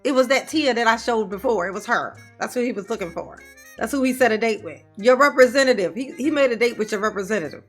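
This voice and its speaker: A woman hosting a reaction commentary show, sassy and quick with jokes, laughing often. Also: a little high, animated, slightly rough, faint music behind. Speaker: commentary channel host.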